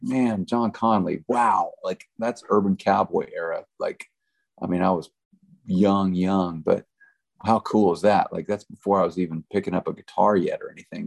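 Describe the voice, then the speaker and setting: Deep gravelly laid-back country singer. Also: male voice, darkish tone. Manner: laid-back, rambling, lots of fillers. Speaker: country musician guest. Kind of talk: casual storytelling chat.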